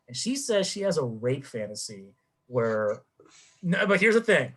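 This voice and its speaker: A man's voice: on the high side, moderate pace. A young man in casual podcast chat, telling a story with energy and acting out the quotes. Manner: animated storyteller, acts out quotes. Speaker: podcast co-host.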